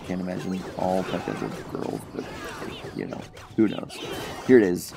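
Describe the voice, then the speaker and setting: A young man hosting his gaming channel, chatty and jokey, commentating a mobile strategy match and getting excited at close moments. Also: fairly low pitch. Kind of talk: gameplay commentary.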